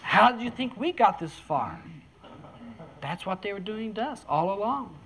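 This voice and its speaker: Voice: mid-range voice, big pitch swings, moderate pace, a bit bright. A speaker, casually telling a story to listeners, chuckling often and acting out the voices of the people in it. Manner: folksy, chuckles between lines, acts out quoted voices.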